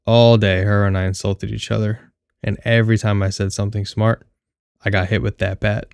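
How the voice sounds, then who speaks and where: A young man reads a first-person story with a wry, candid edge and the odd curse. His voice sits low and stays fairly flat, smooth and clear. The sound is dry and close, with no room to it. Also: normal speed, no room sound. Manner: candid, wry, casually profane. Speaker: audiobook narrator.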